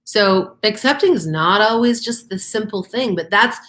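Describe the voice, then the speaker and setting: A woman's voice: medium pitch, expressive, moderate pace, fairly bright tone. A woman co-hosting a casual talk show, explaining ideas step by step in an earnest, encouraging way. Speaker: co-host. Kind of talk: casual teaching chat.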